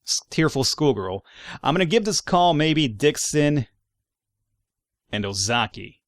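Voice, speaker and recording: A man narrating his own gameplay in an easy, casual way, mixing read-out reports with dry, sarcastic remarks and the odd curse. His pitch swings widely as he reacts. The sound is close and completely dry. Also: very animated, measured pace, no room sound. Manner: reads in-game reports aloud, wry and sarcastic asides, swears casually. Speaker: let's play gamer.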